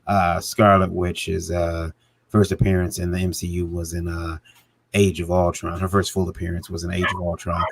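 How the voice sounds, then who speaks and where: Gravelly low-voiced man, rambling. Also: little pitch movement, moderate pace, a little hiss or hum. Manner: rambling, many fillers and restarts; chuckles often. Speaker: comic creator, podcast co-host. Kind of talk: casual discussion.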